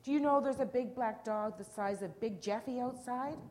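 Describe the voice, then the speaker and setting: A woman's voice: on the high side, normal speed, darkish tone, slight background noise, pitched above the performer's own voice, close to an everyday voice. A woman reading aloud, voicing a young boy with a raised, urgent voice. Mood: alarmed. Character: excitable young boy of the family.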